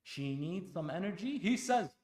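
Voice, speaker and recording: A man preaching a sermon at an Islamic center, impassioned, dropping to a hush and then rising loud, firing rhetorical questions at the congregation. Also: sits high, expressive, normal speed. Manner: impassioned, swings between hushed and loud; asks the audience pointed rhetorical questions. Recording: echoey hall.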